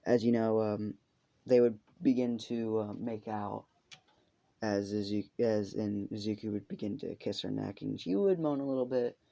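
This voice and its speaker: A man's voice: on the low side, normal speed, gravelly, mellow. A man narrating an improvised fan story in a rambling way, full of fillers and swearing. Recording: muffled lo-fi recording.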